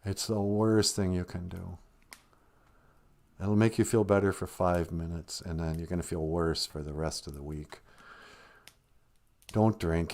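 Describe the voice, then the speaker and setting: A man hosting a live stream, talking casually about grief with gentle, self-deprecating humor while holding back tears. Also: on the low side. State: close to tears.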